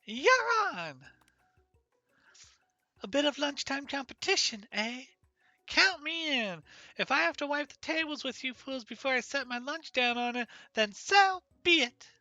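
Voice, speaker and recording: A streamer voicing a theatrical, boastful student rival who throws down challenges loudly. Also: sits high, expressive, a little slow, no room sound, dull audio, faint music behind, pitched above the performer's own voice, heavily acted. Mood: cocky. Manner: loud and swaggering. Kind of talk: game dialogue read aloud by a streamer.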